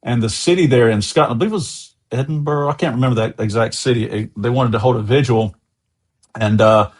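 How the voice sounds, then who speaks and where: A man's voice: mid-range voice, brisk. American male guest, mid-range voice, chatty anecdotal storyteller. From USA. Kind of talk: casual interview storytelling.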